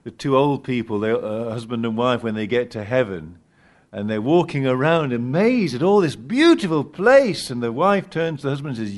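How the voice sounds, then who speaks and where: Older male preacher, animated and lively. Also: mid-range voice, moderate pace. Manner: animated preaching, rising loud on key words, dropping to quiet asides. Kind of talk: sermon.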